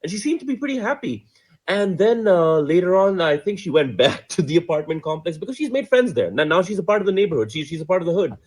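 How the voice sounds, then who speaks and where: Man, husky slightly high voice, very lively pitch, casual animated storytelling. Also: fast talker. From Pakistan. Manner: animated, laughs often, acts out quotes. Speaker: commentator.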